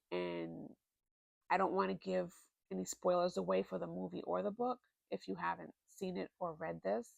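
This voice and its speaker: A woman talks slowly and expressively through her favorite books, her voice deeply gravelly with fry. She sits fairly low in pitch and the sound is dry and close, with no room around it. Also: no room sound. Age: adult, married. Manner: chatty, expressive, lots of fillers. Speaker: book vlogger. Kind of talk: casual book recommendations.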